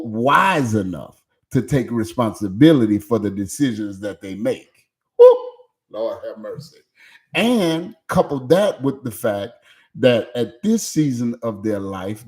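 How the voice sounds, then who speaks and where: A middle-aged man, a pastor preaching an energetic sermon. He speaks emphatically and keeps asking the congregation questions. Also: on the low side. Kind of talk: energetic sermon with call-and-response. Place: church sanctuary.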